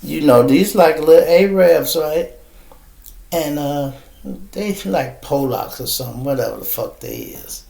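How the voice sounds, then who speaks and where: A man's voice: a little high, lively intonation, unhurried, vocal fry, warm tone. A man, hosting a podcast and telling a street story in casual, profane talk. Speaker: podcast host. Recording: roomy echo.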